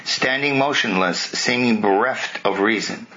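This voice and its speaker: A man speaking as a spiritual teacher retells a sacred epic with commentary, keeping it conversational and turning aside to question his listeners. His medium-pitched voice is a little slow, pushed and bright, captured on a muffled lo-fi recording with faint hiss.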